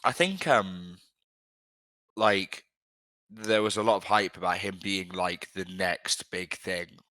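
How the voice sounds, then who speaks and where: Bright, dry-voiced young man bantering. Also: sits low, slow, dry recording. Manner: jokey, blunt banter with swearing. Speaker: podcast co-host. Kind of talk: casual football chat.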